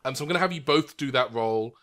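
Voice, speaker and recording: Bright-voiced game master man. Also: medium pitch, fast talker. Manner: enthusiastic, many fillers. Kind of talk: running a tabletop game.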